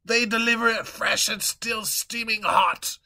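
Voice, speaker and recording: A man voicing a pompous, gluttonous male king who commands loudly and yells when crossed, in a comedic audio story. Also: high-pitched, fairly even intonation, a little slow, pitched above the performer's own voice, exaggerated voice. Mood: jovial. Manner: blustery, commanding, prone to yelling.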